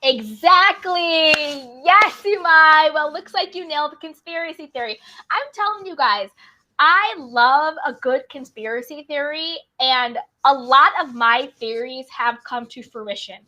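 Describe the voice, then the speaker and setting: A woman's voice: high voice, normal speed, pushed and bright. A woman hosting a casual live stream, greeting viewers by name in a bubbly, chatty way. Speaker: livestream host.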